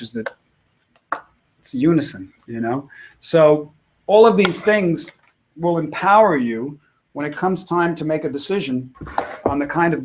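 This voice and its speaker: A middle-aged man, a guitarist, answering interview questions in a loose, rambling way with many fillers and restarts. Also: on the high side. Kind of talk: casual interview talk.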